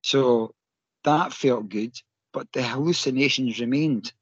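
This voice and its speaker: A Scottish man, a podcast guest, telling a story in an animated, emotional way and laughing often. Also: mid-range voice, a little slow, slightly rough, no room sound, highs cut off. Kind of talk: casual storytelling.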